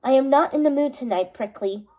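A woman's voice: high-pitched, lively intonation, brisk, a little mellow, rough recording. A woman voicing a proud young male prince who teases with dry quips. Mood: wry.

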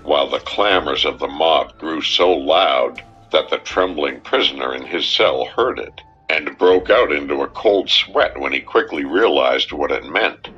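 A man narrates a crime story at an unhurried pace, his deep voice swinging widely in pitch. His tone is husky yet bright and forceful. The recording sounds dull and lo-fi, with faint music underneath. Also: animated. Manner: measured, dramatic storytelling. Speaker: audiobook narrator. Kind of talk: scripted narration.

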